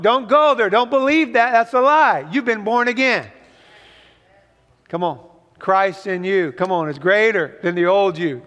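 A man with a high-sitting, slightly bright voice preaches a sermon as pastor, emphatically urging the congregation on. The clip is set in a church sanctuary with the long reverb of a large hall.

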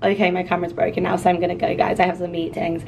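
A woman vlogger with a cold-roughened, hoarse voice, chatting to camera in a rambling, apologetic way. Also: lowish voice, little pitch movement, very fast, darkish tone, a little hiss or hum, low-quality recording. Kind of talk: casual vlog chat to camera.

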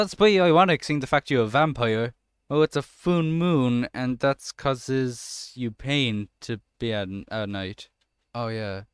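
Young man, sarcastic let's-play commentary, smooth clear voice, dry close sound. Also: mid-range voice, dry recording. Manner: sarcastic, swears casually, chats to game characters. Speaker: gamer playing a horror game.

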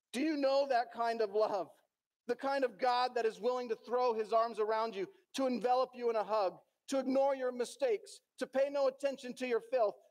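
A male pastor preaches a sermon in a church in a very high, darkish voice, telling a story dramatically and acting out the characters' lines.

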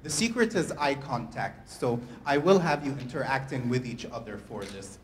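A man with a middle-pitched voice leads a group wellness session. He is playful, laughs often, and gives clear instructions to the room. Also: animated, moderate pace, a little hiss or hum.

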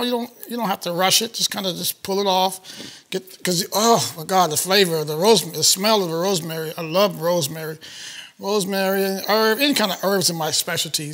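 A chef talks viewers through his cooking in a chatty, excited way. The man's voice sits high and rings bright and forward. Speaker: chef hosting a cooking show. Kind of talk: cooking demonstration.

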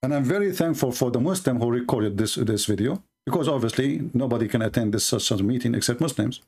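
A man's voice: mid-range voice, lively intonation, quick pace, darkish tone, slightly rough. A man hosting live commentary on video clips, speaking with indignant, emphatic repetition. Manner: indignant, emphatic, repeats words for stress. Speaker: religious commentary host.

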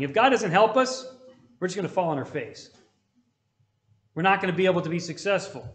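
A man with a notably high voice teaches a church Bible study, conversational and loose. He keeps asking his listeners for an amen. The room rings around him with plenty of echo. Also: expressive, a little fast, pauses often, fairly bright tone. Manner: conversational, asks the room for amens. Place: church hall.

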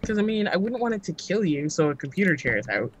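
A woman's voice: lowish voice, sing-song, fast, highs cut off, background noise. A woman chatting casually while gaming, teasing and sarcastic, laughing often. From United States. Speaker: gamer.

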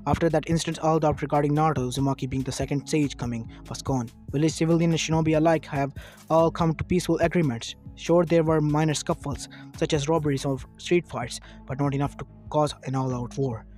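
A man's voice: a little high, fairly even intonation, quick pace, a little mellow, soft background music. Man reading fan fiction aloud. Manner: plain reading with slips and restarts.

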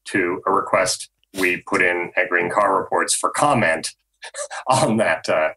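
A man on a podcast panel, an automotive journalist explaining news in a measured way with frequent ums. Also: sits low, pushed and bright, rough recording.

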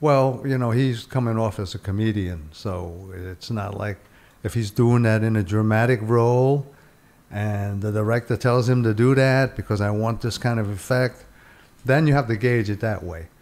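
A man who is a guest on a podcast, explaining his views in a measured, reasoned way. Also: lowish voice, darkish tone. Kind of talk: casual podcast chat.

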